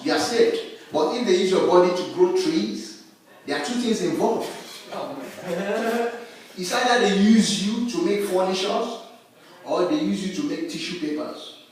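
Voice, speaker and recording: A man with a high voice telling a stand-up joke at a very slow, deliberate pace, stacking one repeated step on the next. His voice rings around a very echoey club and sounds distant from the mic. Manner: slow, deliberate, repetitive build-up. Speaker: stand-up comedian. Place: comedy club stage. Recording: echoey room heard from afar.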